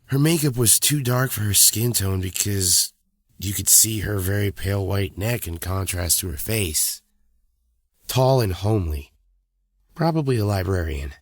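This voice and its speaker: A man calmly narrating a first-person horror story in a steady voice. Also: on the low side, a little slow, dry recording, studio quality.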